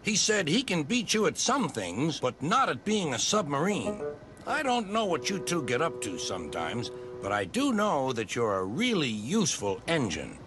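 A man's voice: a little high, huge pitch swings, normal speed, voice pushed up. Man doing a fatherly railway boss, praising, bit raised voice, music behind. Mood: approving. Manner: fatherly, approving. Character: stout kindly railway director, fatherly.

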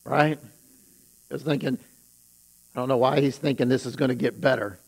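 A man's voice: medium pitch, steady tone, normal speed, vocal fry, low-quality recording. A man who is a pastor, preaching a sermon and retelling scripture with rising emphasis on its warnings.

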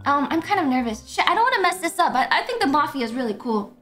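A young woman streamer chatting excitedly while playing a game, giggling and swearing freely. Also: sits high, quick pace, faint music behind. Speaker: VTuber streamer. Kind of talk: casual gameplay commentary.

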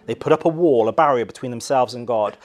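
Preaching with an English accent, this male pastor alternates dramatic shouts with soft, low stresses. He speaks quickly.

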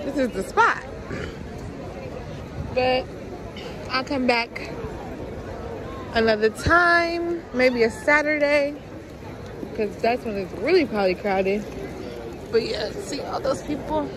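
A woman's voice: high voice, takes it slowly, pauses often. A young woman vlogging on a handheld camera outdoors. She talks in a chatty, blunt way with casual swearing. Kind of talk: casual vlog narration. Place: outdoors on busy streets and hiking trails. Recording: crowd chatter and outdoor noise.

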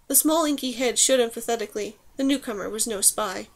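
A woman reading fiction aloud as an audiobook narrator, steady and even. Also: fairly high pitch, brisk, hardly any pauses. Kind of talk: scripted narration.

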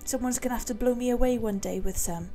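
A woman giving a casual, playful video lesson, drawing out phrases slowly and laughing often. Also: on the high side, mellow, soft background music. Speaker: Welsh language teacher.

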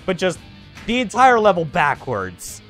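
Bright-voiced swearing male streamer. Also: high voice, wildly swooping pitch, a little slow, soft background music. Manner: exclamatory, swears a lot, laughs at the game. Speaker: game streamer. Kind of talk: live gameplay commentary.

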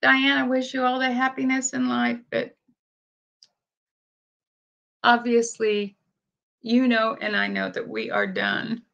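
A woman's voice: a little high, expressive, takes it slowly, creaky, pauses often, fairly bright tone, muffled recording. A woman vlogging from home, talking casually to her viewers and her dogs, teary-eyed. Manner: chatty, tearful, talks to her dogs. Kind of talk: casual livestream chat.

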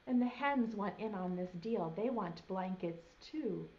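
Unhurried woman teacher reading to preschoolers. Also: medium pitch, animated, lo-fi sound. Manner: gentle, asks children questions as she reads. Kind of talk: reading a picture book aloud to children. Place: home video lesson.

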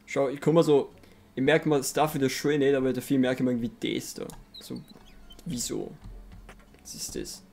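Young gravelly-voiced streamer. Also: male voice, mid-range voice, expressive, a little fast, a little mellow. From Austria. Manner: offhand, slangy asides. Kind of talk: casual let's play commentary.

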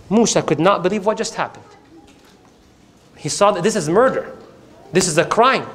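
A man telling a sermon story in animated style, acting out scenes and reciting verses. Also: high-pitched, fairly quick, pauses often. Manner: animated, acts out the scenes, quotes Quranic Arabic. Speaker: Islamic preacher.

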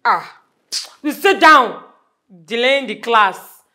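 A woman's voice: a little high, expressive, slow, exaggerated voice. A woman playing a strict, scornful schoolteacher in a comedy sketch, scolding with a Nigerian accent. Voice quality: scolding, sharp and mocking.

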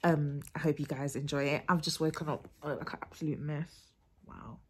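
A woman's voice: sits low, steady tone, brisk, a little hiss or hum. A young woman from London with a London English accent, chatting casually to camera in a rambling vlog from her home. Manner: chatty and rambling, with frequent restarts and laughter. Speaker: vlogger.

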